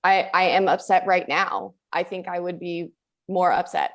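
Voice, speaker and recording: A woman's voice: fairly low pitch, fairly even intonation, normal speed. A woman co-hosting a podcast, conversational and thoughtful, weighing both sides of a political argument. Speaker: podcast co-host. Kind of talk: political discussion.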